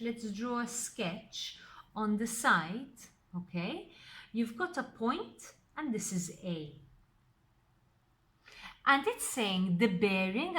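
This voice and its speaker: A woman's voice: fairly high pitch, a bit bright. A woman, teaching a recorded maths lesson step by step and stressing key words.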